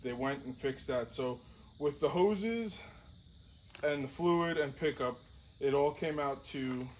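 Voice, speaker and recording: A man's voice: medium pitch, slow pace, darkish tone, a little hiss or hum, rough recording. A man casually vlogging outdoors beside his tractor. He talks in a rambling, chatty, self-deprecating way. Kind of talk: casual show-and-tell vlog.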